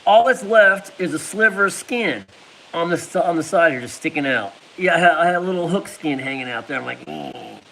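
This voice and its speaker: A man's voice: on the high side, lively intonation, brisk, gravelly, fairly bright tone, a little hiss or hum, rough recording. A man telling a casual personal story, laughing often and making sound effects. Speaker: vlogger.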